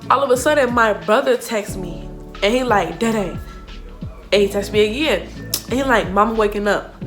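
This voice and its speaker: A young woman telling a casual storytime vlog, slangy and animated, acting out what others said. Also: mid-range voice. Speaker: vlogger. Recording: music playing behind the voice.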